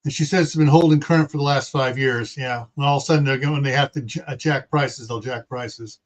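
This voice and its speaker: A man's voice: medium pitch, fairly quick. A man from California hosting a casual livestream chat, rambling with sarcastic asides. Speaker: host.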